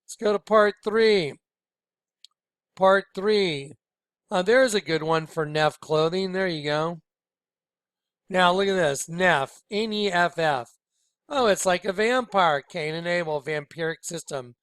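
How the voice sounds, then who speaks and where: A man hosting his own video, giving urgent, preachy commentary on images, jumping between loud outbursts and hushed asides. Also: high voice, slow, smooth, dry recording. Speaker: video host.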